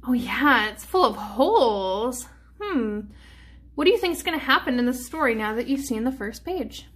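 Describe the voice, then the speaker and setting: A woman, a preschool teacher, reading a picture book aloud to children and pausing to ask them questions. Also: on the high side, animated. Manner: gentle, asks children questions. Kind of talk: children's story time read-aloud.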